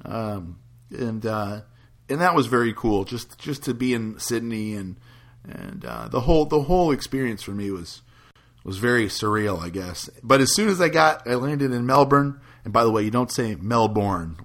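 A man's voice: mid-range voice, normal speed, a bit bright. A man chatting casually as a podcast host, telling a rambling story with many restarts and frequent laughs. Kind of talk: casual chat.

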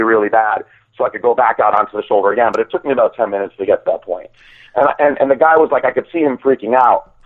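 A man co-hosting a podcast, telling rambling stories in casual chat. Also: medium pitch. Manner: rambling storytelling, many restarts. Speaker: podcast co-host. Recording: tinny phone line.

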